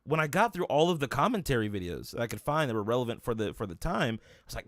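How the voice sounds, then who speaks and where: A man's voice: medium pitch, big pitch swings, fast, hardly any pauses, fairly bright tone, dry recording, studio quality. A young man hosting an interview, talking in a rambling casual way with many restarts and fillers. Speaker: podcast host interviewing a guest.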